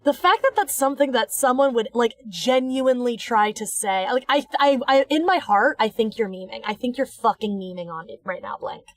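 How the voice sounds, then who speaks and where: A woman streamer in casual chat while drawing, animated and swearing as she rants. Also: on the high side, a little fast, few pauses, no echo.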